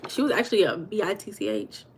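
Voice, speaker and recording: A woman's voice: mid-range voice, big pitch swings, fast, husky. A woman hosting a casual livestream, chatting and gossiping with her viewers and reading their comments aloud. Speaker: livestream host.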